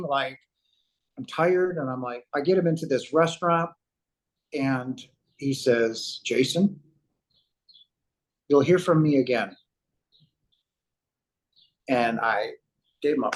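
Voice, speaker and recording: A man's voice: a little high, rough recording. A man, a guest on an interview show, retells a personal story at length, with acted-out quotes and frequent fillers.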